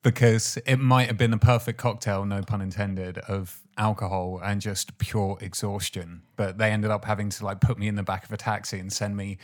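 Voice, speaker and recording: A man's voice: fairly low pitch, level tone, moderate pace, few pauses. A young man hosting a casual podcast chat, laughing often and feeling a little under the weather. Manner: laughs often, loose and chatty. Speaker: podcast host.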